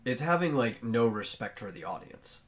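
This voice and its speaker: A man hosting a casual podcast, thinking aloud as he talks, with many pauses and fillers. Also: mid-range voice, sing-song. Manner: chews on bread while talking. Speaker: podcast host.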